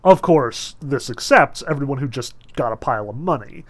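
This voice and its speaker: A man's voice: mid-range voice, normal speed. A man teaching a novel in a casual, chatty lecture with many fillers, reading passages aloud and breaking them down. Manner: animated and chatty, with frequent fillers. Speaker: literature teacher.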